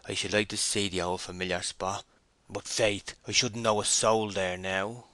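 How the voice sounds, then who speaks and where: A man's voice: on the low side, level tone, moderate pace, bright, forceful tone, no echo. A man doing an old rustic maltster, rambling. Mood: wistful.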